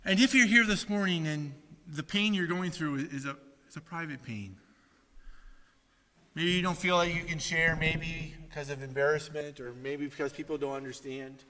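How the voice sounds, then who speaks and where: A man preaches to his congregation in a bright, somewhat high voice, swinging from hushed asides to loud, animated retellings. The sound carries a long reverb from a large hall. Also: moderate pace. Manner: animated storytelling, acting out quotes in raised voice. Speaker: pastor. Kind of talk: sermon.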